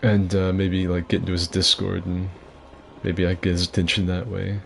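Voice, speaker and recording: A young man in his twenties rambles through casual game-stream chatter at home, swearing freely and keeping his voice low so he won't wake anyone. His voice sits very low with a gravelly fry. Steady noise hisses underneath. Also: normal speed. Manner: rambling, chatty storytelling with swearing, kept fairly quiet. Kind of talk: casual gameplay commentary.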